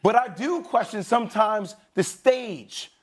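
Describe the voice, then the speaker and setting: A man's voice: sits high, a little slow, breathy edge. A man debating as a sports analyst, making reasoned points with a slight stammer when interrupted.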